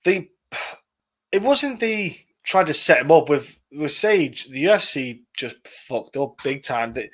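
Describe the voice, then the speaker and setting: A man's voice: on the high side, big pitch swings, unhurried, fairly bright tone. A man hosting a casual live stream of fight predictions, chatting loosely, swearing and reading viewer comments aloud. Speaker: podcast host.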